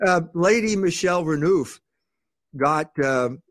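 A man's voice: on the high side, animated, a little slow, fairly bright tone, no room sound. A man being interviewed, arguing his case with rhetorical questions and frequent restarts. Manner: rhetorical questions, repeats words when starting sentences. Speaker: guest. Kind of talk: argumentative interview talk.

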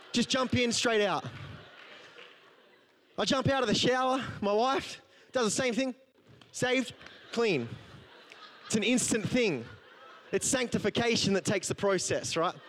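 A man's voice: high voice, fairly bright tone. A man preaching a sermon, telling a personal story in a conversational, humorous way. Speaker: pastor.

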